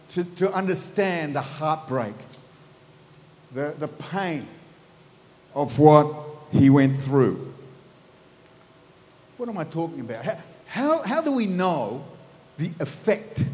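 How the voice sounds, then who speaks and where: High-voiced preacher in a hall. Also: male voice, darkish tone. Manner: storytelling, acts out scenes in voices. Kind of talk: sermon. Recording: echoey hall.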